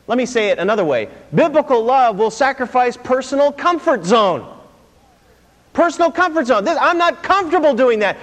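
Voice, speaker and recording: A man preaching a sermon as pastor, drawing call-and-response answers from the congregation and repeating words for emphasis. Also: extremely high pitch. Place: church sanctuary. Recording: long hall reverb.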